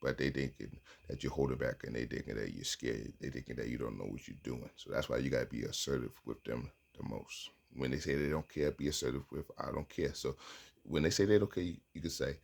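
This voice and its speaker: A man's voice: a bass voice, fairly quick, creaky. A man giving a motivational self-talk monologue, coaching himself and repeating phrases as he acts out sample lines.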